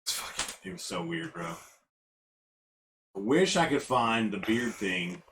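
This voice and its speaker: A man's voice: lowish voice, sing-song, measured pace, fairly bright tone, slight background noise. A man co-hosting a casual podcast who talks in a blunt, emphatic way and swears freely. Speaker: podcast co-host. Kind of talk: casual chat.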